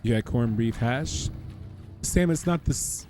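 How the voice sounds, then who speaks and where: A man's voice: mid-range voice, slow pace, warm tone. A man streaming a game, joking casually and chatting with viewers by name. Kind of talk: casual live-stream commentary. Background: game music.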